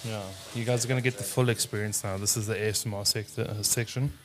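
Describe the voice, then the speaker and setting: A man's voice: on the low side, fairly even intonation, fast. A South African man co-hosting a casual podcast, laid-back and saying dude a lot. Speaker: podcast co-host. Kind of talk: casual chat.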